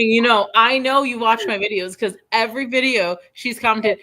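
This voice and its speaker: A woman's voice: fairly high pitch, a little hiss or hum. A woman in her thirties hosting a casual chat, rambling through a personal story with lots of fillers and restarts. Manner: rambling storyteller, animated, quick laughs. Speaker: host.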